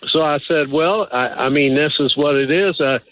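A man's voice: fairly high pitch, normal speed, dull audio, crowd noise. Rambling, hesitant man calling in. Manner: rambling, hesitant, full of restarts. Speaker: caller. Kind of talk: phone-in call.

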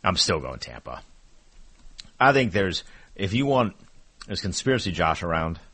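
Deep, husky sports radio man. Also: very animated, normal speed, a bit bright, no echo.

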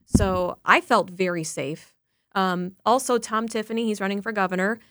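A woman's voice: mid-range voice, normal speed, no echo. Chatty woman reporter, dry studio sound. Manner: lively, chatty storytelling. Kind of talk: casual on-air chat.

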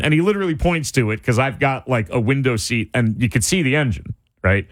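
A man telling a personal story in a casual, animated way, full of "like" and restarts. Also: medium pitch, fast, few pauses, no echo, studio quality. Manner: animated, wide-ranging delivery, lots of "like" and restarts.

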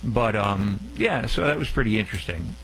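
A man's voice: lowish voice, expressive, a bit bright, low-quality recording. A man hosting a call-in radio show, telling a rambling anecdote full of fillers and giving out the call-in number. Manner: upbeat plug with slow repeated phone number.

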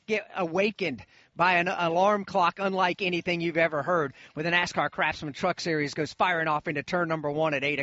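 High, bright-voiced male race analyst. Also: no room sound, muffled recording. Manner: emphatic, folksy, enthusiastic. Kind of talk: live radio sports commentary.

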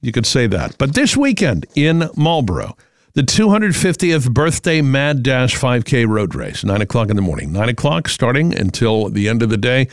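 Middle-aged New England man, chatty local radio host, dry close sound, gravelly. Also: mid-range voice, sing-song, moderate pace, no echo. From Massachusetts. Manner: rambling, chatty, with many fillers. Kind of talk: casual talk radio.

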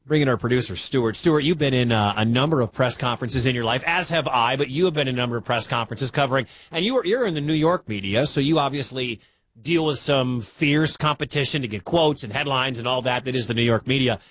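A man's voice: medium pitch, fast, fairly bright tone, no echo. A man from the Midwestern US hosting a sports talk radio show, chatty and incredulous.

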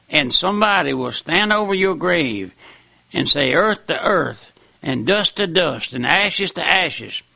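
A man's gravelly, bright voice drives a fervent radio sermon, emphatic and dogmatic. He speaks a little high and sounds close and dry. He keeps pressing listeners to listen. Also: no room sound. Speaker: radio preacher.

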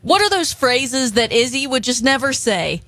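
A woman co-hosting a radio show, introducing the topic and tossing in quick, wry comebacks. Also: sits high, sing-song, bright, forceful tone, no echo. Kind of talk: casual radio banter.

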